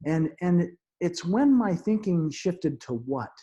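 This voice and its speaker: Earnest husky-voiced man telling his story. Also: high-pitched, big pitch swings, highs cut off. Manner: earnest, halting, with frequent restarts and soft laughs. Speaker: interview guest. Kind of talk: reflective personal storytelling.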